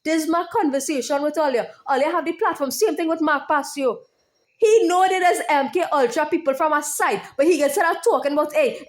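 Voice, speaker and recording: A woman with a high, bright-pitched voice delivers a heated vlog monologue. She is profane and insistent and keeps circling back to the same phrases, hammering them again and again. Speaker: YouTuber. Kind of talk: impassioned monologue.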